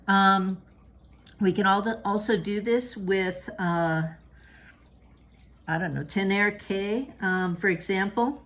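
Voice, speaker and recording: A woman's voice: medium pitch, takes it slowly, long pauses, a bit bright. A woman teaching a recorded grammar lesson, patient and encouraging, with many fillers and restarts. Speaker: Spanish teacher.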